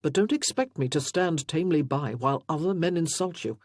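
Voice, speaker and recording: A man voicing a loyal, protective gentleman friend in an audiobook, speaking warmly and earnestly. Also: fairly high pitch, lively intonation, fairly quick, no room sound, clean studio sound. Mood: fond. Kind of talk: audiobook character voice.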